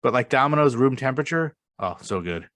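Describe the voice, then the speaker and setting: A man's voice: mid-range voice, expressive, fairly quick, a bit bright. A young man co-hosting a podcast in casual chat, blunt and argumentative, swearing often. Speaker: podcast co-host.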